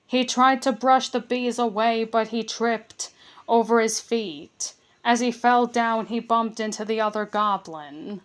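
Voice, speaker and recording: Slow, careful woman reading a storybook aloud. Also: on the high side, clear, resonant tone. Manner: careful reading with small stumbles and restarts. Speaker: storybook reader. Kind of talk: reading a children's book aloud.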